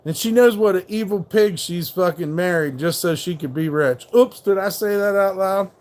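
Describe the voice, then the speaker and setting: A man's voice: high-pitched, normal speed, a little mellow. A man hosting a live stream, ranting in a rambling, profane and mocking way while reacting to chat. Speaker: livestream host.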